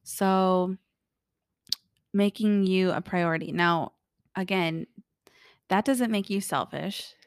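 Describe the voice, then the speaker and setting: A woman's voice: on the low side, slow, pauses often, clear, resonant tone, no room sound, studio quality. A woman co-hosting a podcast, chatting casually and often agreeing. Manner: agreeable, frequent affirmations. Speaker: podcast co-host. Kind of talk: casual chat.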